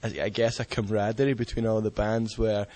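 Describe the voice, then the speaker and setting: A Glaswegian musician with a lowish voice who chats easily and slips jokes into his answers. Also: flat delivery, fairly quick, a little mellow. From Scotland. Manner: friendly, joking. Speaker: band guitarist. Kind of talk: casual interview answers.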